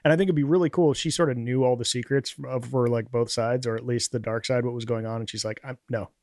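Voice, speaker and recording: Deadpan man thinking aloud. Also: mid-range voice, quick pace, no echo, studio quality. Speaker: podcast co-host. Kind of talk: casual chat.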